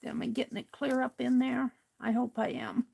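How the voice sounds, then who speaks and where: A woman's voice: a little high, level tone, creaky, darkish tone, husky. A woman hosting a craft livestream, chatting casually and muttering to herself as she works. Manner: muttering to herself while working, slow and unhurried.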